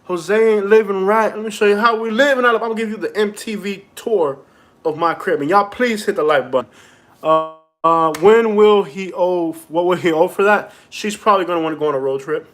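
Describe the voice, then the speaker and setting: High-voiced man ranting playfully on a live stream. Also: brisk, fairly bright tone. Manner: joking, mock-aggrieved complaining. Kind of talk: casual rambling live-stream chat. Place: at home indoors.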